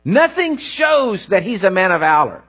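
A middle-aged man, preaching a sermon in an animated, folksy storytelling way with rising bursts and a husky voice. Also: sits high, moderate pace. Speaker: pastor.

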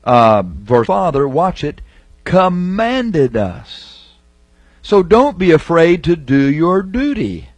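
A middle-aged man preaching a sermon, emphatic, slowing down to stress key phrases as he reads scripture. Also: mid-range voice, no echo.

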